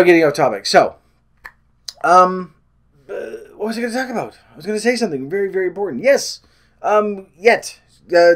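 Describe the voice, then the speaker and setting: On a weight loss vlog, a Canadian man with a fairly high voice rambles along, putting himself down and often losing his train of thought.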